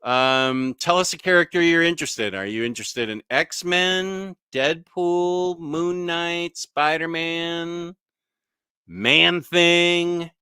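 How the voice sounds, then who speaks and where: An easygoing man hosts a live stream and chats his way through viewer comments, loose and conversational. His voice is bright and forward, and it comes through clean and smooth. The sound is close and dry, with no room around it. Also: fairly high pitch, fairly even intonation, slow, dry recording. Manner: easygoing, chatty, with frequent fillers and mild self-corrections.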